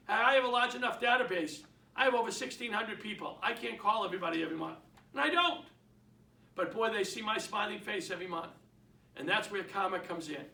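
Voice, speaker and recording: A middle-aged man with a Boston accent, coaching real estate agents in an energetic, emphatic way and acting out phone calls. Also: high-pitched, vocal fry, far from the mic. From Boston area. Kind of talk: instructional talk. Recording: echoey room, speaker away from the mic.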